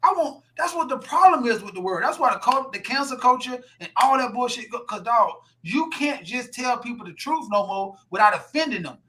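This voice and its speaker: Animated, bright-voiced man ranting. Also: very high-pitched, brisk, few pauses, slight background noise. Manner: animated, blunt, swears freely, acts out quotes. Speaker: podcast co-host. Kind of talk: casual group chat.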